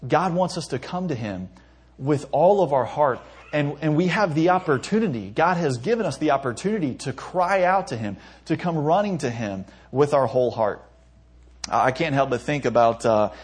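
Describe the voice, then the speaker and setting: Young male pastor, husky voice, casual sermon, stumbles and chuckles. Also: medium pitch, a little mellow. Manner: conversational preaching with stumbles and self-amused laughs.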